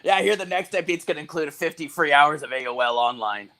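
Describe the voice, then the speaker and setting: A man's voice: fairly high pitch, expressive, sharp tone. A man co-hosting a comedy show, bantering playfully and jumping into bits. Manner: playful, quick to jump into bits. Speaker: comedy co-host. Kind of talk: banter and riffing.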